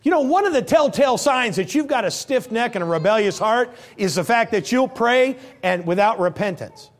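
A middle-aged male preacher delivering a sermon with animated storytelling. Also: very high-pitched, normal speed. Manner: animated storytelling, acting out scenes in voices.

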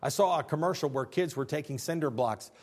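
High-voiced man preaching with humor. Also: fairly quick, a little mellow, husky. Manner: conversational preaching with jokes and rhetorical questions. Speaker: pastor. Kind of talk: sermon.

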